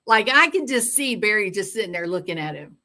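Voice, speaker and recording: A woman's voice: mid-range voice, sing-song, a little fast, pushed and bright. A woman hosting a true-crime livestream, chatting casually and reading viewer comments with sarcastic, rambling asides.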